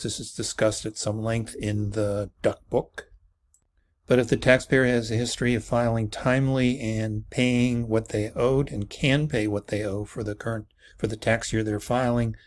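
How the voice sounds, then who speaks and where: A man walking through a tax preparation case in a recorded training video, explaining step by step in a methodical way and correcting himself now and then. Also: mid-range voice.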